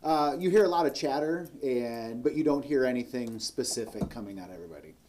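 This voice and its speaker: A man narrating as game master, easygoing and halting, often pausing mid-sentence. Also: medium pitch, expressive, a little mellow, slight background noise.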